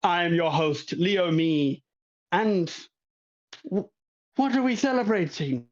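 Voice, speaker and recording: A man voicing a flamboyant male festival host in a fancy suit, announcing to a crowd in a high showy voice. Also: slow, highs cut off. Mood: grandiose.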